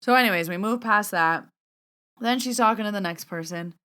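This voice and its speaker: A woman's voice: medium pitch, normal speed, bright, forceful tone, clean tone. A woman podcast host who works as a medium tells a story in a casual, chatty way, filling her talk with "like" and acting out her own thoughts. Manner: chatty, frequent "like" fillers, acts out her inner thoughts.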